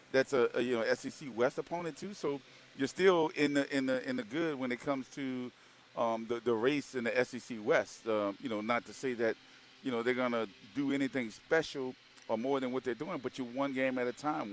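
A man's voice: medium pitch, a little hiss or hum. Rambling man on sports radio. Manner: rambling, repeats words, many fillers. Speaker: co-host. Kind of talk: casual sports radio talk.

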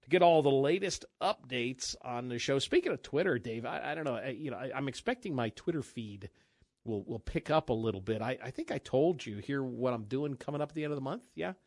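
Animated chatty male radio host. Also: medium pitch, no room sound, clean studio sound. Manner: chatty, halting restarts, laughs often. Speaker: talk show host. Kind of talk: casual radio show banter.

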